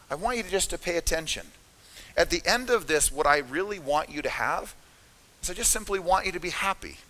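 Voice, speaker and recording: Bright-voiced man speaking in a hall. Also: fairly high pitch. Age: middle-aged. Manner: energetic, emphatic, addresses audience directly. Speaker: motivational speaker at a real estate seminar. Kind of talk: live motivational talk. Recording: reverberant hall.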